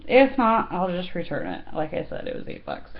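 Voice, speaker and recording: A woman's voice: fairly low pitch, wildly swooping pitch, fairly quick, gravelly, muffled recording. A woman in her thirties chatting casually to her viewers, giggly and full of fillers. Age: 30s. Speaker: fashion vlogger. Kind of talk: casual chat.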